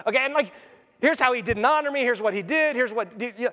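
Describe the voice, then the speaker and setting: High-voiced preacher in a reverberant hall. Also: male voice, fast talker. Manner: animated, acts out voices and jokes. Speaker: pastor. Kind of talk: sermon.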